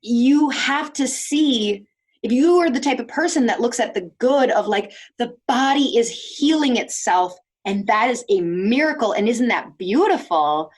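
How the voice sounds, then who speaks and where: A woman hosting a podcast, talking in an animated, chatty way with lots of "like"s. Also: a little high, unhurried, slightly rough. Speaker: podcast host. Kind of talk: casual conversation.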